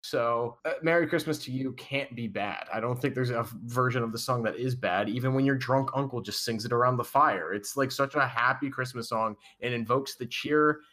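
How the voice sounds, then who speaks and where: A man in a loose group debate makes his case in long, rambling runs. His voice sits at an ordinary middle pitch, and he laughs between his points. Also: moderate pace, few pauses, bright, forceful tone. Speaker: podcast co-host.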